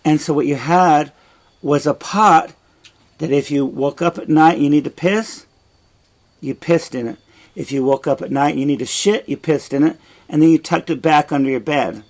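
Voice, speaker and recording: A man's voice: a little high, normal speed, a little mellow, rough recording. A man teaching a play line by line, retelling it in blunt, frank plain words.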